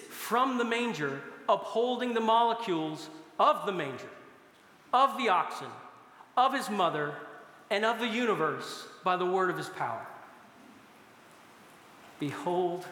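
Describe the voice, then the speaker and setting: A middle-aged man preaches to a congregation in a large hall. His voice is high and bright, and a long, roomy reverb trails after each phrase. He moves between solemn teaching and playful storytelling. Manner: storytelling with bursts of laughter. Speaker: pastor. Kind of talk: sermon.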